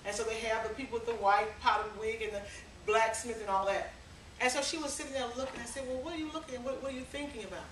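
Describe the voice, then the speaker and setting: A woman's voice: a little high, fast, a little hiss or hum. A woman giving a seminar talk, telling anecdotes and acting out the voices in them. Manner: animated, acts out voices in anecdotes. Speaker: speaker. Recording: echoey hall, mic from far off.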